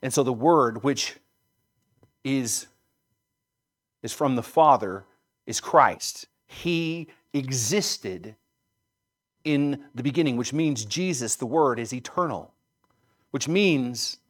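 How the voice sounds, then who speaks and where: A man preaching a sermon, emphatic, building to loud stresses and then dropping low. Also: lively intonation, slow, long pauses. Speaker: pastor.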